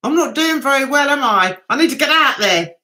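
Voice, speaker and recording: Bright, animated Mancunian woman. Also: high-pitched, a little fast. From Manchester, England. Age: middle-aged. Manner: chatty, giggly, reads viewer comments aloud. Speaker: livestream host. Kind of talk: casual livestream chat.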